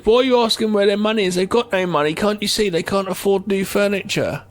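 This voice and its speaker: A man's voice: sits high, quick pace, pitched above the performer's own voice, natural voice. A man voicing an exasperated male London crook, shrieking and indignant.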